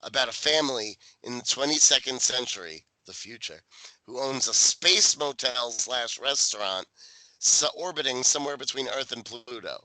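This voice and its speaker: Man podcast co-host, very bright tense tone, dry sardonic, dead dry close mic. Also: medium pitch, lively intonation, moderate pace, dry recording, poor audio. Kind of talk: casual chat reading out trivia.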